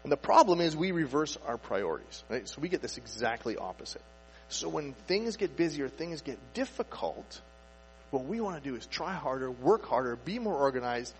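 A man preaching a sermon in a relaxed, conversational way, asking rhetorical questions and acting out people's inner thoughts. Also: mid-range voice, moderate pace. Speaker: pastor. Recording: echoey hall with faint mains hum. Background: faint mains hum.

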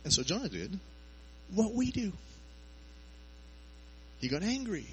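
A man's voice: sits high, big pitch swings, a little slow, a little hiss or hum, low-quality recording. A man preaching a sermon in a conversational way, asking his listeners rhetorical questions.

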